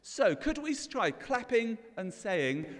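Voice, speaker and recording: A man's voice: very high-pitched, big pitch swings, takes it slowly, heavy background noise. A man preaching an all-age sermon in a church, leading the congregation in call and response. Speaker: pastor. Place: church hall. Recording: long church reverb.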